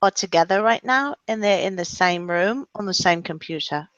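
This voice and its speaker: A woman's voice: mid-range voice, normal speed, fairly bright tone, no room sound. A woman on an online call as a guest, cutting in to explain things insistently. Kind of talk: casual call-in chat. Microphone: computer mic on a video call. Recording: dull dry online call audio.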